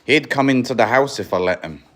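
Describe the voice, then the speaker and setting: A man's voice: medium pitch, lively intonation, fairly quick. A man with a Birmingham accent chatting casually on a livestream from his off-grid homestead kitchen. He is laid-back, answers viewer comments and calls everyone mate. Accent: Birmingham English.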